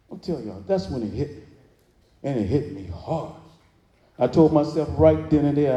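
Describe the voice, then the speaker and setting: Dark-voiced man speaking in hall. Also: fairly high pitch, expressive, normal speed, pauses often. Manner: preacherly call-and-response, drawling Southern phrasing. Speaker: motivational speaker. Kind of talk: live inspirational speech to an audience. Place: large hall with audience. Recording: echoey hall, reverberant.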